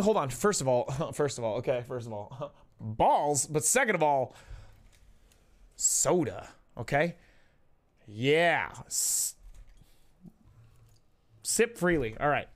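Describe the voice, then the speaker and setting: A man's voice: a little high, animated, slow pace, pauses often. A man streaming live, chatting casually in a rambling, profane way that keeps cutting itself off and restarting. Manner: rambling, profane, self-interrupting.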